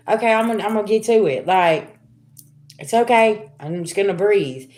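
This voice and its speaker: A middle-aged woman with a mid-range, animated voice talks fairly quickly as she hosts a casual tarot reading livestream. Chatty and laughing, she gives her viewers a spiritual reading and calls them y'all.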